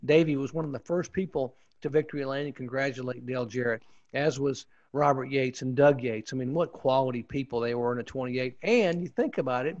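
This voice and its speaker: A man's voice: medium pitch, a little fast, a little mellow, no echo. A man and former pit reporter, telling a story in a casual interview, enthusiastic and rambling with restarts. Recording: dull, muffled lo-fi audio.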